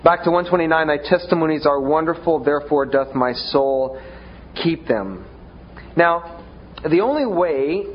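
Male preacher, fairly high voice, stammering restarts, dull lo-fi recording. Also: slight background noise. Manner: conversational, stammering restarts, self-deprecating humor. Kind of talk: sermon.

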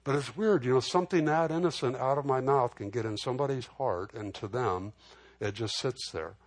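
A man's voice: mid-range voice, fairly quick. A man preaching a sermon in a conversational way, often restarting and repeating words. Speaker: pastor.

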